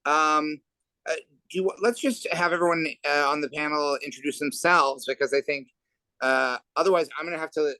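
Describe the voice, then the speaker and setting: A man's voice: fairly high pitch, fairly even intonation, normal speed, bright, forceful tone, clear, resonant tone, dry recording, poor audio. A man moderating a panel over a video call, rambling with wry, self-deprecating asides.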